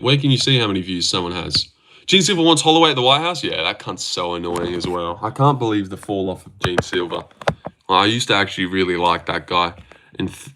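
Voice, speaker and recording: A man's voice: lowish voice, sharp tone. An Australian man chatting casually on a livestream, answering viewer comments in a blunt, profane and rambling way. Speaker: MMA predictions livestreamer.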